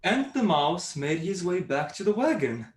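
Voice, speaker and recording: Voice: mid-range voice, very animated, moderate pace, roomy sound, close to an everyday voice. A young actor playing a cheeky court jester who narrates and improvises a comic fairy tale. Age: young adult. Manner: playful, cheeky.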